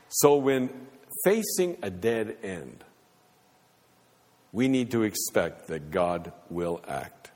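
A man preaching a sermon as pastor, with rising and falling emphasis. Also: fairly low pitch. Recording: long hall reverb.

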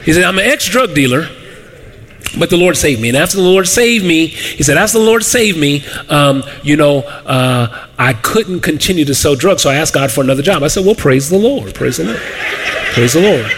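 Storytelling preacher, male, animated and voice-switching, slightly high pitch, faint noise. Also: brisk. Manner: animated, acts out quoted voices, laughs often. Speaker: pastor. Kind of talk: sermon storytelling.

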